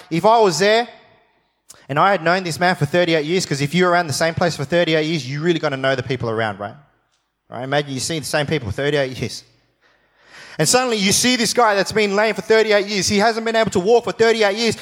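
A man with a high voice teaches a sermon, leaning into the story and dropping playful asides. He repeats key phrases for emphasis. His voice rings out with a long reverb, as in a church hall. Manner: animated storytelling with jokey asides.

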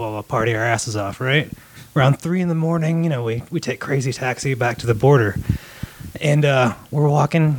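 A man's voice: mid-range voice, no echo. A man chatting casually, telling a long story in a laid-back, profane way and often saying "dude". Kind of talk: casual chat.

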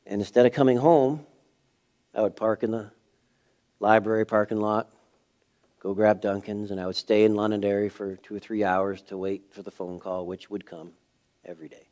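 A middle-aged male pastor preaching a sermon in a church. He tells a personal story, moving from hushed, quiet passages to raised, emphatic ones. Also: on the low side, flat delivery, normal speed.

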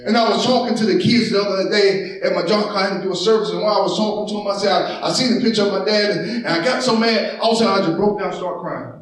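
A high-pitched man delivers an impassioned sermon, often raising his voice to a shout as he calls out to the congregation. He is picked up from a distance, and his voice rings through a very echoey church. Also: fast talker, hardly any pauses. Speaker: preacher. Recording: echoey church sound from far off.

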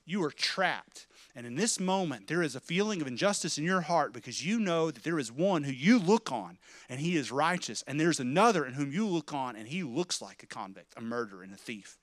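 A man preaching a sermon, telling a dramatic story in the second person, dropping to a hush and rising to loud shouts. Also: very animated, fairly quick, dry recording, studio quality. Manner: vivid, swings from loud crowd shouts to hushed low narration. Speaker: pastor.

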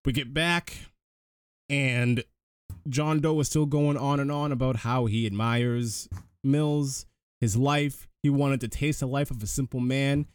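A man's voice: mid-range voice, fairly even intonation, unhurried, smooth, no room sound. Dry-sounding man recapping a movie. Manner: retells the plot step by step, chatty. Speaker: podcast host. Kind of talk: casual movie recap chat.

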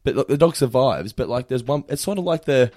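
Animated man chatting about films. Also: medium pitch, a little fast, no room sound, studio quality. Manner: animated, acts out film characters in quoted voices. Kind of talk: casual chat about films.

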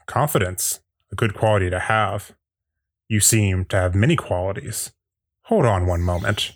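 A man's voice: fairly low pitch, moderate pace, dry recording, clean studio sound. An actor reading a gloating male villain entity that absorbs powers, at a table read of a fan script. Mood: gloating menace. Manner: gloating, sinister.

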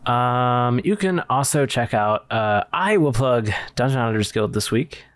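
Relaxed man hosting a podcast. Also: medium pitch, measured pace, no echo. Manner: relaxed, hesitant, lots of ums. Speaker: podcast host. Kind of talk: casual chat.

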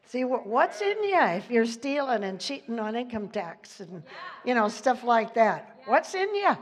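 A woman delivers a loose, conversational sermon at an unhurried pace, her voice sitting on the higher side. She leans hard on key words, laughs often and loses her place in the text. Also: sing-song. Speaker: preacher. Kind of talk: informal sermon.

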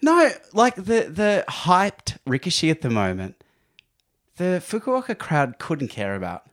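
A man's voice: a little high, wildly swooping pitch, a little slow. A man co-hosting a casual sports podcast, joking and playful as he retells the action. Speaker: podcast co-host.

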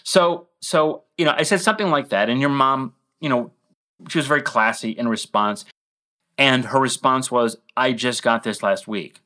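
Middle-aged male podcast co-host; rambling, self-deprecating storyteller with mid-range pitch. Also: moderate pace, pushed and bright.

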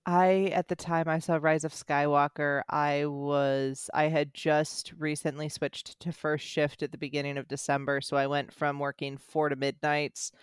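A young American speaker in their twenties chatting casually on a podcast, telling stories in a quick, animated way with frequent restarts. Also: mid-range voice, clear, resonant tone, no echo, clean studio sound. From United States. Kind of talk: casual chat.

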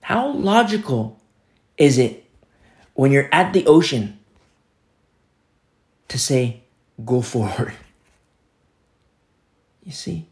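A man preaching a sermon, acting out quoted speakers with sudden swings between loud, high calls and low, hushed asides. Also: big pitch swings, slow, long pauses. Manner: dramatic, voicing quoted speakers with big swings in pitch and loudness. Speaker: pastor.

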